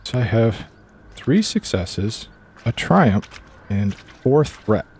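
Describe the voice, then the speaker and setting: Male tabletop player, low gravelly voice, casual. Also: very animated, takes it slowly, a little mellow. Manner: casual, describing actions. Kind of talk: tabletop game play.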